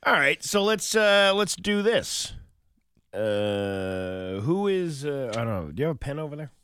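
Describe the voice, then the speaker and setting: A man's voice: fairly high pitch, big pitch swings, unhurried, a bit bright, clean tone. Playful man hosting a casual chat.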